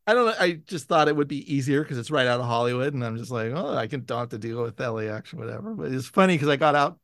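A man from San Francisco chatting casually, telling lively stories and acting out what people said. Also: medium pitch, fast, dry recording, studio quality. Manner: animated storyteller, acts out quotes in raised voices. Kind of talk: casual chat.

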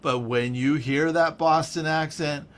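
A man from San Francisco with a Californian accent, chatting casually in an animated, rambling way and laughing often. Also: on the high side, measured pace. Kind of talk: casual chat.

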